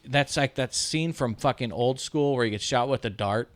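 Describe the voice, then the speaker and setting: A man's voice: mid-range voice, moderate pace. Profane, laughing storyteller man in his thirties. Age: 30s. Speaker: podcast host. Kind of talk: casual storytelling chat.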